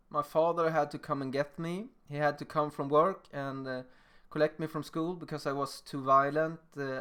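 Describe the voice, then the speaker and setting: A young man with a slightly higher voice lecturing through his own school stories. He tells them in an animated, emphatic way, punching key words and acting out scenes. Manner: animated, emphatic, acts out moments. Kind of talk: personal storytelling lecture.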